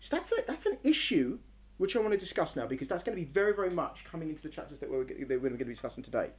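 Her voice sits low and she races along while giving a religious lecture to a live audience in a room. The woman animatedly tells story analogies, acts out scenes, and often starts her sentences again.

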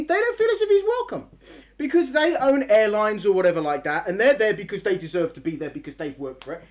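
A woman with a high voice addresses a live audience in a room with a religious lecture. She acts out scenes as she animatedly tells story analogies, and she often restarts her sentences.

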